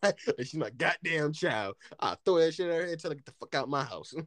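A man's voice: fairly high pitch, a little fast, dry recording. A man co-hosting a casual chat, telling stories with lots of laughter, swearing and acted-out quotes. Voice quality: animated, laughs often, swears freely.

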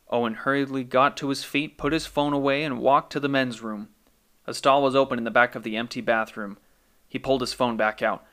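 Guy narrating a daydream story on his podcast, calm and even, mid pitch. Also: moderate pace.

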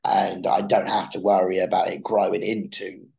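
A young podcast guest tells a long story in a casual chat, animated but restarting and repeating words as he begins sentences. His voice is low-pitched and creaky at a moderate pace, and the recording is rough.

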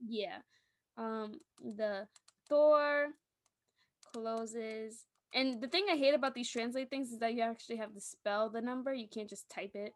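A young woman co-hosting a podcast, chatting casually and telling animated stories with laughter. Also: on the high side, measured pace, no echo. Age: young adult. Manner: animated storytelling, acts out voices, laughs often. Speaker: podcast co-host. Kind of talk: casual chat.

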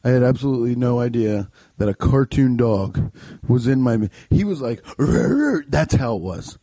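A man's voice: medium pitch, normal speed, mellow, dry recording. A young man telling a comic story in a loose, rambling, profane way. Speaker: comedian.

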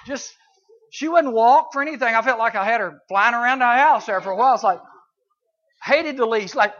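A middle-aged man with a high, bright, forceful voice gives a folksy talk to youth at a camp. He tells homely stories and throws in sound effects and little voices. The recording is dull and lo-fi. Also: a little fast. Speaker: camp speaker.

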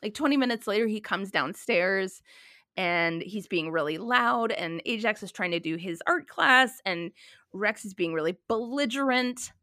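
A woman in her thirties in casual chat, telling a story with lively quoted dialogue. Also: medium pitch, moderate pace, dry recording, studio quality.

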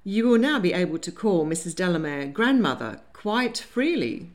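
A woman reading a wry, teasing young gentleman. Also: on the low side, sing-song, moderate pace. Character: dry, amused young Regency gentleman.

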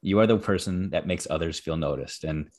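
An earnest man hosting an interview podcast, his voice sitting a little low for a man. He talks in a motivational, encouraging way and builds to emphatic praise. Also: fairly quick, darkish tone. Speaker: podcast host.

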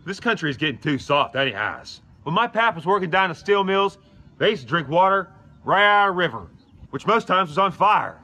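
A man playing a gruff middle-aged Pittsburgh dad with a Pittsburgh accent, complaining and sarcastically nagging his family in a comedy clip. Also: high-pitched, sing-song, fairly quick, pushed and bright, full character voice. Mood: grumbling. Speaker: comedy character.

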